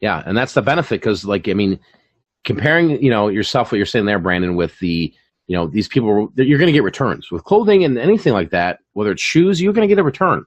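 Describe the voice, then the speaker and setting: A fast-talking man with a fairly low, sing-song voice is heard on a dry recording with the highs cut off. Hosting a live-stream chat as an online reseller, he talks casually about reselling, stuffing his speech with fillers and repeats.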